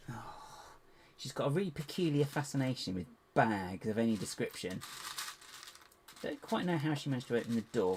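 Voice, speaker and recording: A man chatting to viewers in a casual building vlog, rambling to himself with playful squeaky exclamations. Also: slight background noise. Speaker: LEGO builder and channel host.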